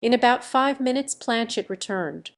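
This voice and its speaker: A woman reading a classic adventure novel aloud as an audiobook narrator, in an even, measured way. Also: fairly high pitch.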